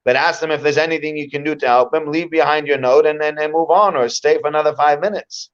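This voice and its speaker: Man, earnest, halting restarts, slightly high voice, muffled lo-fi sound. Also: steady tone, clear, resonant tone. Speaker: speaker giving advice on hospital visiting. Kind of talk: casual talk. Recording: dull lo-fi sound.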